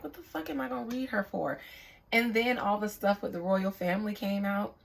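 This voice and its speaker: A woman's voice: fairly low pitch, fairly bright tone, rough recording. Candid woman psychic reader, casual vlog. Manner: candid, reflective, swears freely. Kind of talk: casual spiritual vlog monologue.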